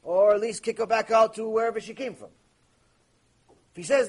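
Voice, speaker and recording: This rabbi teaching Mussar has a high, husky voice, speaks at a moderate pace, and pauses often. His Torah lecture is impassioned, rebuking the listeners with Hebrew terms woven into his English, and the recording is rough.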